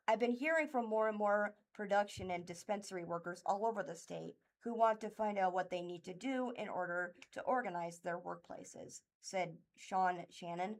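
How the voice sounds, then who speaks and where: A woman reading local news articles aloud for a radio reading service, halting and stumbling over names and words. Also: mid-range voice. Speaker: volunteer news reader. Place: thrift store.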